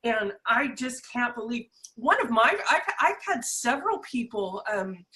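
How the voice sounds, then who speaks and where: A woman hosting a podcast in casual interview chat, an animated storyteller who acts out what people said. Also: a little high, unhurried. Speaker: podcast host and sound therapist.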